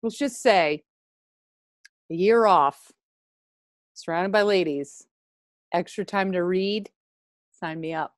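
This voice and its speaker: A woman's voice: lowish voice, takes it slowly, pauses often. A woman comedian co-hosting a casual chat, trading dry, playful banter over a video call. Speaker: comedian co-host.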